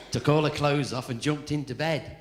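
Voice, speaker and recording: A man's voice: a little high, steady tone, a little slow. An older man doing a camp stand-up routine on a club stage, teasing the audience cheekily. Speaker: stand-up comedian. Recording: echoey room with loud audience noise.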